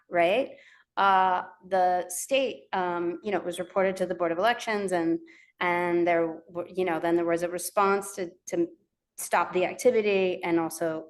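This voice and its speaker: A woman leading an online organizers' call, speaking hesitantly with many fillers and restarts. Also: on the low side. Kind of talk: presentation on a video call.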